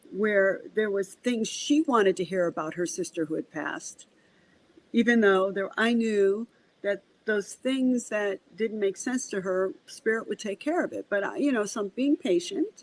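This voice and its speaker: A woman speaking as a guest on an interview show. She talks at a middle pitch and tells stories in a lively way. She acts out both sides of the conversations she describes and often repeats a word as she gets going. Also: slight background noise, rough recording. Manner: animated, acts out dialogue in quotes; repeats words when starting sentences. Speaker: medium, podcast guest. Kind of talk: conversational storytelling.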